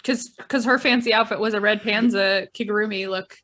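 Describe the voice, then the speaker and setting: A woman's voice: medium pitch, steady tone, a little fast, fairly bright tone, slight background noise. A woman guest in a casual chat, amused and laughing often.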